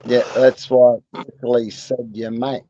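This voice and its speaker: Slow-talking Australian man, crude banter. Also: mid-range voice, level tone, mellow, no echo, lo-fi sound. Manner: crude, joking, profane banter. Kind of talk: casual chat.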